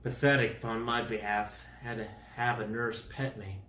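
A man rambling through a goofy comic monologue full of wordplay, swinging into loud exasperation. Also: fairly low pitch, level tone, normal speed, reverberant, slight background noise.

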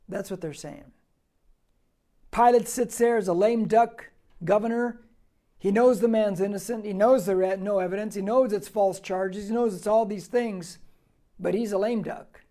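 In a high voice at a moderate pace, a male pastor explains a Bible passage verse by verse. His delivery is emphatic, full of rhetorical questions, shifting between quiet asides and forceful, stressed lines.

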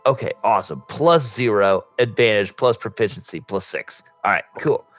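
A man's voice: on the low side, expressive, moderate pace, lo-fi sound. A man playing a tabletop game, talking casually and rambling. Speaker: player.

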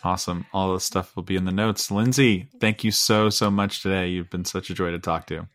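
A man's voice: sits low, steady tone, brisk, fairly bright tone, no echo. A man hosting a podcast interview in a casual, easygoing way, laughing along with his guest. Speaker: podcast host.

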